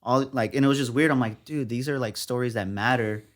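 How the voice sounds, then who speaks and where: A young journalist from San Antonio, Texas, appears as a guest in a casual interview, telling his story in an animated way. He acts out what people said to him. His voice is medium in pitch and fairly quick.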